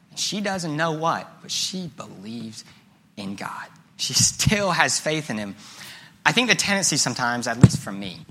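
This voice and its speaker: A young man preaching a sermon, reading scripture aloud, swinging between loud emphasis and hushed, near-whispered moments. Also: a little high, breathy edge.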